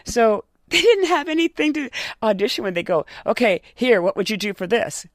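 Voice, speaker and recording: A woman voice actor chatting in an interview, telling lively stories with frequent laughs. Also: a little high, moderate pace, dry recording, studio quality. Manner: lively anecdotal storytelling with laughs. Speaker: voice actor guest. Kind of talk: casual interview chat.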